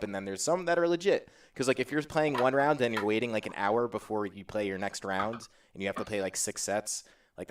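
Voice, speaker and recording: A man's voice: fairly low pitch, distant mic, a little hiss or hum. A man hosting a casual panel discussion about tournaments, rambling with lots of fillers and restarts. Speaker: podcast host.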